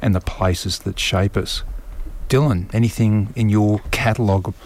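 A man's voice: lowish voice, normal speed, a little mellow. A man hosting a late-night community radio show, joking and chatting in a studio. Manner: joking, chatty, jumps between topics. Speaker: radio host. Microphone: studio microphone.

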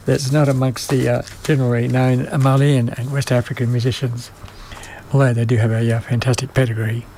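A man presenting music on the radio, speaking haltingly with many pauses and fillers, and losing his voice. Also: medium pitch, level tone, warm tone, slight background noise. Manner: halting, many ums and uhs. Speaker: radio music show host.

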